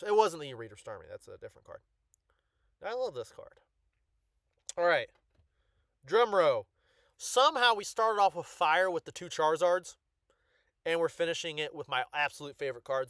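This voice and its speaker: A man chatting casually through a showcase of his card collection, full of ums and restarts and excited bursts. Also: fairly high pitch, no echo, clean studio sound.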